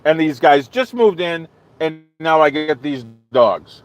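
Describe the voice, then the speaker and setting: A man hosting a live stream, telling a long story to his chat in a rambling, animated way and acting out his own quotes. He is not from the American South. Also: on the high side, a little slow, soft background music.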